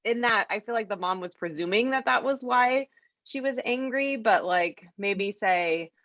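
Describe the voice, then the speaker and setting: A woman's voice: medium pitch, moderate pace, fairly bright tone, no echo. A woman in an online workshop asking a tentative question over a video call, hedging with lots of "like". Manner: tentative, many "like" fillers. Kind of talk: casual chat. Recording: dull lo-fi video call audio.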